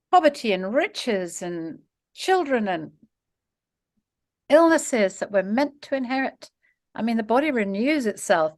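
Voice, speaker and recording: A middle-aged woman being interviewed, talking in long run-on stretches and laughing often. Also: on the high side. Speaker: interview guest, author and mediator. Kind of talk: conversational interview.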